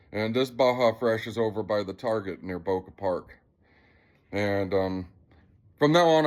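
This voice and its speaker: A man vlogging to camera, retelling an incident in a rambling, agitated and profane way. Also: lowish voice. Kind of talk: casual storytelling to camera.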